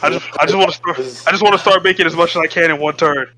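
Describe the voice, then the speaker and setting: A man playing a tabletop role-playing game in casual chat, excitable and swearing freely, slipping into his character's lines. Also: on the high side, rapid-fire, slight background noise, poor audio. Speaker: player.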